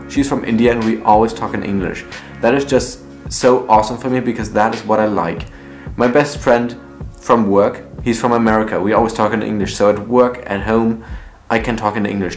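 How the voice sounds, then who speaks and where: A man's voice: fairly low pitch, moderate pace. Earnest young man. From Germany, raised partly in the US. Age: young adult. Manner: earnest, reflective, with frequent restarts. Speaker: vlogger. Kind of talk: casual personal vlog. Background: faint laid-back guitar music.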